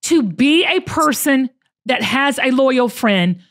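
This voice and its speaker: A high-pitched woman hosts a relaxed chat. She talks emphatically, with fired-up, preachy bursts. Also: slow pace. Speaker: show host. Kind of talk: casual chat.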